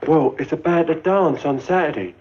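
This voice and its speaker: A man plays a naive young private, simple and earnest, in a 1950s British film comedy. His voice sits a little high. The sound is dull and old. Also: moderate pace, a little hiss or hum, natural voice. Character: young naive army private, slow-witted.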